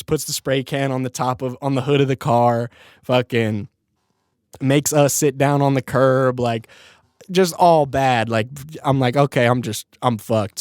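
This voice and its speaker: A young man on a podcast tells a story in an easygoing, slangy way, breaking into laughter again and again. His voice sits in an ordinary middle pitch. It is recorded dry and close, with no room sound. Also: steady tone, measured pace, no echo. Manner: laid-back, laughs often, heavy swearing and slang. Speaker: podcast host. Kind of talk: casual storytelling.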